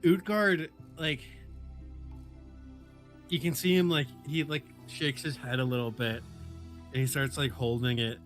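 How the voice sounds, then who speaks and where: Male tabletop player, bright and forward voice, rambling, filler-heavy narration. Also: medium pitch, fairly even intonation, measured pace, pauses often, faint music behind. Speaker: player describing his character. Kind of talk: casual tabletop game play.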